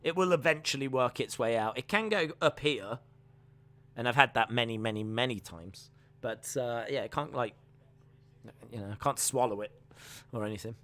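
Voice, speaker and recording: A young man hosts a live watch-along stream, rambling chattily with viewers and calling the action with excited play-by-play. His voice is mid-range and his speed is normal.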